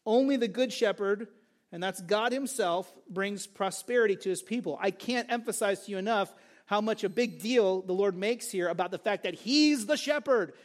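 A man's voice: sits high, moderate pace. A male pastor preaching a sermon, earnest and emphatic, repeating key phrases for stress.

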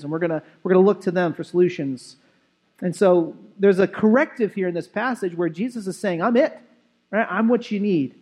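A man's voice: sits high, a little mellow. A pastor preaching a sermon in a church, talking in a conversational way and often asking his congregation "right?". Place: church sanctuary.

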